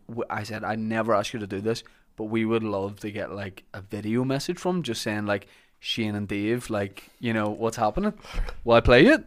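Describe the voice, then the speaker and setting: A Northern Irish man hosting a podcast, chatting casually and telling rambling anecdotes with frequent laughs. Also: on the low side. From Northern Ireland. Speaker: podcast host. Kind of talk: casual chat.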